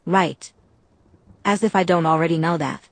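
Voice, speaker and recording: A cocky male vampire, joking and wry, voiced by a female narrator. The voice lifts a little higher than her narration and stays dry and close. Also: fairly even intonation, moderate pace, dry recording.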